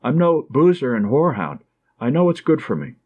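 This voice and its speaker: A man's voice: medium pitch, very animated, a little fast, a little mellow, slightly rough, dull audio. A man reading an audiobook, voicing a conceited, boastful young soldier. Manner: boastful, self-satisfied.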